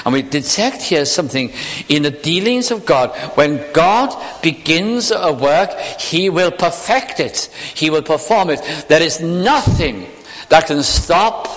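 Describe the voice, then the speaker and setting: A man preaching a sermon in an earnest, emphatic way, slowing down and going quiet on solemn points. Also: a little high. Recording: long hall reverb.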